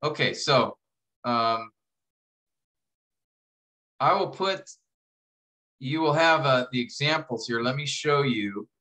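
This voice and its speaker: A man lecturing to a class, walking students through an assignment step by step, restarting phrases and slowing down to read verses aloud. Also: medium pitch, sharp tone, rough recording. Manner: explanatory, repeats and restarts phrases, reads verses slowly. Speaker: instructor.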